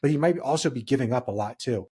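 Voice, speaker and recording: Young male podcast co-host from Hawaii, husky and dark-toned, reflective and earnest. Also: mid-range voice, animated, fast talker. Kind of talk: casual podcast chat.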